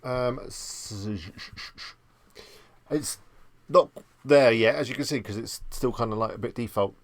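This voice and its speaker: A man's voice: medium pitch, moderate pace, no room sound. A man hosting a live stream, chatting with viewers in an easygoing, rambling way. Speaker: livestream host. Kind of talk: casual live-stream chat.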